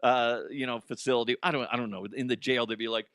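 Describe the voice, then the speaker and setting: A man's voice: medium pitch, steady tone, quick pace, a bit bright, no room sound, clean studio sound. A middle-aged man hosting a comedy news podcast, riffing crudely, laughing at his own jokes and slipping into silly voices. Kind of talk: casual comedic monologue.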